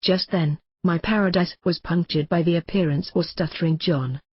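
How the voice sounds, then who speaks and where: A woman's voice: fairly low pitch, normal speed, husky, dry recording. A woman narrating a first-person memoir audiobook in a wry, blunt storytelling manner. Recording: dull lo-fi recording.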